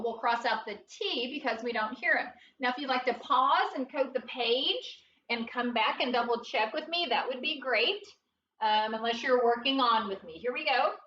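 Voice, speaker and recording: A woman teaching a phonics lesson to young children, spelling words slowly and prompting them with encouragement. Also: fairly high pitch, bright, forceful tone, a little hiss or hum. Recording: dull, roomy sound from a distance.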